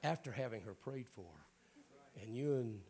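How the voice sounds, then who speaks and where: A man, a bishop, preaching a sermon at a church prayer night in a raspy voice with folksy jokes and frequent throat clearing. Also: medium pitch, moderate pace, darkish tone. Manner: folksy, joking preacher talk.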